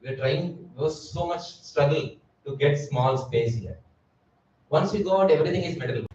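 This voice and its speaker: At a temple hall, a preacher gives a Sunday sermon and poses rhetorical questions to his listeners. His voice is fairly high, dark in tone and moderately paced, with a faint hiss or hum. The recording sounds dull and echoey, picked up by a distant mic.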